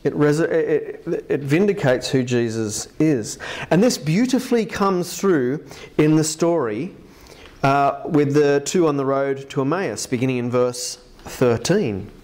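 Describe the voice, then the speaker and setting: A man with a slightly high voice preaches in a church. He talks with lively emphasis and rises sharply on key phrases as he reads scripture aloud. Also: a little slow. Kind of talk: sermon.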